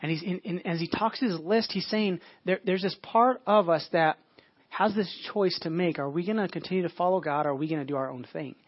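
A man's voice: sits high, fairly quick, no echo, highs cut off. A man delivering a sermon as pastor, in a conversational preaching manner, with frequent restarts and casual asides.

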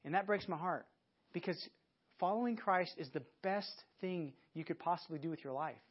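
A man's voice: high-pitched, moderate pace, husky. A man preaching a sermon as a pastor, earnest and often repeating words as he searches for phrasing. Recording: dull lo-fi audio.

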